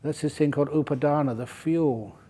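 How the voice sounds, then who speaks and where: A monk with a slightly higher voice gives a retreat talk in a relaxed, humorous way. He wanders into side stories and chuckles at his own asides while he teaches. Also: a little fast. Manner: relaxed, joking and digressive, with laughter. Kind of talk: Dharma talk. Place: retreat centre hall.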